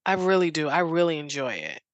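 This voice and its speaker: A woman's voice: deep voice, sing-song, a little fast, no echo. A woman guest on a talk show, telling her story in an eager, rambling way full of "like"s and restarts. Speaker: interview guest. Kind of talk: casual interview chat.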